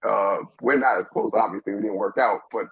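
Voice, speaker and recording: A middle-aged man from New York, a guest telling a personal story in an animated way, often restarting and repeating words as he thinks. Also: lowish voice, brisk, breathy edge, dry recording. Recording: dull lo-fi dry sound.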